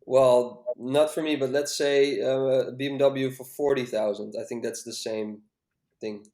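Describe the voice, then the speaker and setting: Music coach dude, lots of ums, echoey room sound. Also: male voice, mid-range voice, fairly even intonation, a little slow, mellow. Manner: hesitant, filler-heavy. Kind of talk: casual podcast chat.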